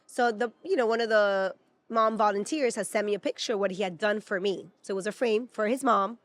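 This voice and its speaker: A woman's voice: mid-range voice, a little fast, no room sound. A woman in her thirties from Peru, a native Spanish speaker, co-hosting a casual chat and talking emotionally with lots of fillers. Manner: chatty and emotional, many fillers. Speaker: podcast co-host. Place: at a theme park.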